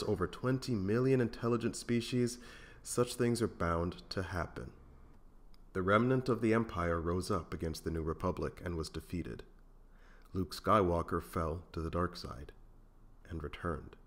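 Low-voiced guy narrating a fan audiobook, steady and measured.

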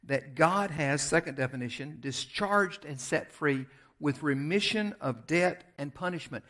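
A man with a Southern American accent, a pastor preaching a sermon in a church, moving from loud emphasis to quiet, conversational asides as he tells a story. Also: a little high, measured pace. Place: church sanctuary.

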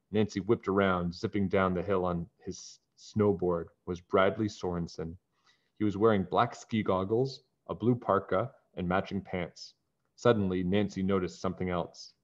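A man reading a children's book aloud in a calm, even narrating voice. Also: sits low, normal speed. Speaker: storybook reader. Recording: dull lo-fi recording.

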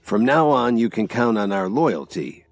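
A man voicing a serious middle-aged gang leader who speaks slowly and ominously. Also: fairly low pitch, lively intonation, no echo, pitched above the performer's own voice. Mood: grave. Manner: slow, grave, ominous.

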